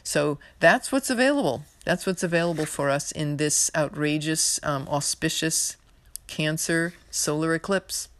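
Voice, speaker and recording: She has a deep, unhurried voice with a fairly bright tone and no room sound. A New Yorker hosting an astrology podcast, she rambles through a casual spiritual monologue, earnest and emotional, with lots of fillers.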